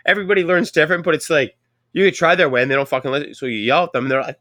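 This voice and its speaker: A man swapping stories in a loose, profane chat. His voice is bright and forward. It is recorded dry, close to the mic, with no room sound. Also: fairly high pitch, very fast, no room sound. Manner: profane, animated storytelling. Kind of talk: casual chat.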